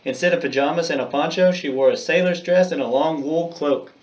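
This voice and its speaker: A man's voice: fairly high pitch, fairly quick, distant mic. A male teacher reading a children's chapter book aloud and then recapping homework, speaking directly and encouragingly to his students.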